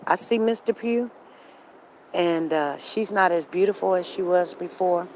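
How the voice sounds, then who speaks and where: A woman's voice: lowish voice, measured pace, darkish tone, a little hiss or hum. A middle-aged woman hosting a live stream, telling a neighborhood story in a chatty, gossipy way with asides to her viewers. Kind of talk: casual storytelling. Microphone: live-stream device.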